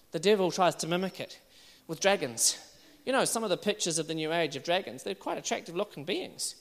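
A man preaching a sermon, animated and rising to shouted exclamations. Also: high-pitched, big-room sound.

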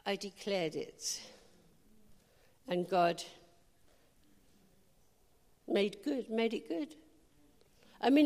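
A woman preaching an informal sermon, chatty and humorous, with emphatic declarations. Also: mid-range voice. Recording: hall reverb.

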